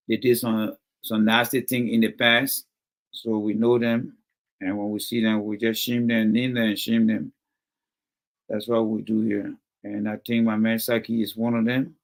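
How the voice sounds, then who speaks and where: A middle-aged Liberian man with a Liberian English accent hosts a livestream, reads viewer comments and scolds a commenter over and over with emphasis. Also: fairly low pitch. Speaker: livestream host reading comments. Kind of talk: casual livestream talk.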